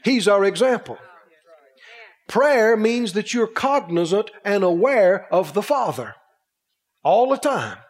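A man's voice: sits high, slow pace, pauses often, long reverb tail. A man preaching a sermon, asking his listeners questions and acting out the voices of people he quotes. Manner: animated, acts out quoted voices, rhetorical questions.

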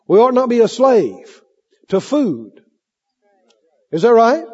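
A man preaching a sermon with lively delivery, playing out cravings in mock voices, recorded on a muffled tape in a hall. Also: very high-pitched, takes it slowly, husky.

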